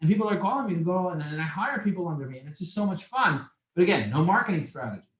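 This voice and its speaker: Animated New man teaching a class. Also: fairly high pitch, fast, reverberant, rough recording. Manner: animated storyteller, asks the room questions. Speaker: business workshop teacher. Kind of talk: lively classroom talk. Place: classroom with audience.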